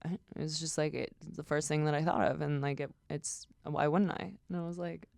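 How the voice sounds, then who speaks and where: Low, gravelly young woman telling stories. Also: fairly even intonation, brisk, darkish tone, no echo, clean studio sound. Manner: storytelling, swears freely, acts out quotes. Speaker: podcast guest. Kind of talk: casual chat.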